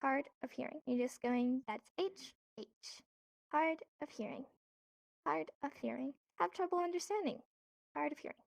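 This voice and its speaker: In a virtual reality social space, a woman with a high, creaky voice teaches a sign language class at a moderate pace. She patiently repeats each word and explains every hand motion step by step, and the recording is dry.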